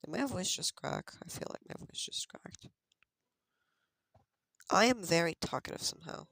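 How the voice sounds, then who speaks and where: A streamer rambling through a farming game, half-singing the names of crops and scolding themself. The voice sits in a middle pitch with plenty of vocal fry. It is recorded close and dry, with no room sound. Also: lively intonation, moderate pace, a bit bright, dry recording. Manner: chatty, mutters item names in sing-song repeats. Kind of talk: casual gameplay commentary.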